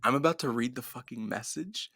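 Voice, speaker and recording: A young man co-hosting a casual podcast chat, loud and animated, swearing and laughing often. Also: mid-range voice, brisk, creaky, slightly rough, dry recording, clean studio sound. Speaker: podcast co-host.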